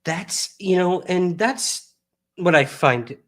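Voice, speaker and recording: A man's voice: high-pitched, animated, takes it slowly, fairly bright tone. A man hosting a podcast in a studio, chatting casually with his guest and laughing often. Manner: laughs often, short reactions. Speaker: podcast host. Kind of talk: casual interview chat.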